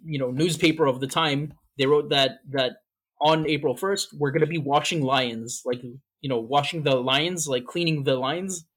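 A man co-hosting a podcast in a loose, joking chat. His voice sits a bit high, and he chuckles through his stories and swears casually. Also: normal speed, slightly rough. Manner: laughing, relaxed storytelling with swearing. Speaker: podcast co-host.

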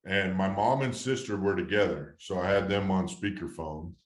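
Deep-voiced man telling a story. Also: steady tone, normal speed, echoey room. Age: 30s. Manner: rambling, emotional storytelling with many restarts. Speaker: former baseball player, guest. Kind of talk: casual storytelling interview.

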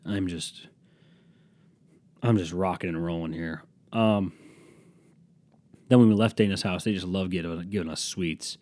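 A man's voice: low voice, a little slow, pauses often, darkish tone, no echo. A young man hosting a solo podcast, rambling in a jokey, self-deprecating way with some swearing. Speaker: podcast host.

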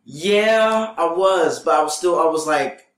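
A man's voice: fairly high pitch, expressive, a little slow, a bit bright, roomy sound. A man who is a comedian, telling stories casually in an interview, rambling with many restarts and swearing. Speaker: comedian guest.

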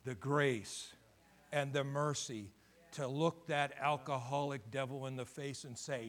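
A man's voice: mid-range voice, a little slow, fairly bright tone. A middle-aged man preaching a sermon as pastor, building to fervent emphasis.

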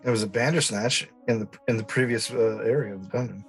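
A man's voice: fairly low pitch, steady tone, fast talker, soft background music. A man playing in a casual tabletop-game podcast, with a teasing manner.

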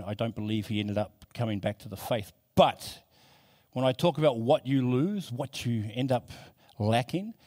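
A man's voice: medium pitch, a little mellow. A man preaching a sermon in a conversational way, building to emphatic repetition.

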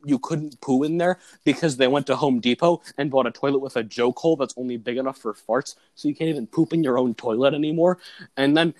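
A man's voice: mid-range voice, no room sound. Young man, casual chat, rambling, filler-heavy, dry close sound. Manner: rambling, full of "like" fillers, laughs at his own story. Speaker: student describing his comedy sketch.

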